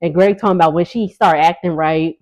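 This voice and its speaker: A woman's voice: fairly low pitch, fairly even intonation, fairly quick, a little mellow, lo-fi sound. A woman recapping a reality show from her kitchen sitting area in a chatty, sassy way, laughing often. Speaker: recap vlogger.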